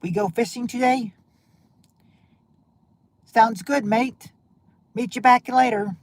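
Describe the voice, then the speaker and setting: A cheerful New Zealand bloke with a high, bouncy voice, as a man puts him on. He sounds pitched well above a normal speaking voice, friendly and chatty in a put-on Kiwi accent. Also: fairly even intonation, slow pace, heavily acted. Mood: cheery. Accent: attempted New Zealand.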